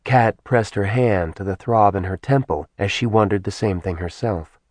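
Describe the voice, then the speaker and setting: A man narrating a fantasy audiobook in an expressive storytelling manner. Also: fairly low pitch, normal speed, no echo. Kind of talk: scripted narration.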